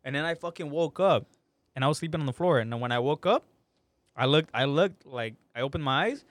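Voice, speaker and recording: A man's voice: on the high side, lively intonation, a little fast, no echo. A young man in casual podcast chat, telling a story with lots of slang and swearing and acting out what people said.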